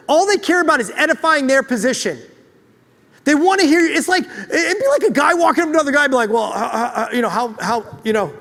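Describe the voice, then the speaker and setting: A man with a strikingly high speaking voice tells a motivational story to a live audience, animated and quick to joke at his own expense. His voice carries a long reverb from the hall he speaks in. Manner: animated, joking, self-deprecating. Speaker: speaker at a chiropractic event.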